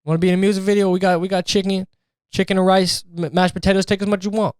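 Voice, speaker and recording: A man putting on a laid-back, generous male rapper with loose street slang, his voice pushed noticeably higher than his own. It is delivered in an upbeat, easygoing way, and the sound is close and dry. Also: little pitch movement, quick pace, a little mellow, clear, resonant tone, no echo, natural voice. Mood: hyped.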